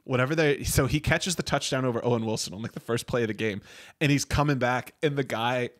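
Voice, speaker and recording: A man's voice: medium pitch, fast, no echo, clean studio sound. A man in casual podcast chat about comedy films, animatedly retelling movie scenes, laughing and acting out the lines.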